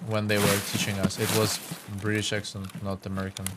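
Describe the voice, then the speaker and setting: A man's voice: fairly low pitch, monotone, a little fast. A man with a Russian accent giving casual, joking gameplay commentary as a gaming streamer, swearing often. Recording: loud game noise behind voice. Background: game sounds and clicks.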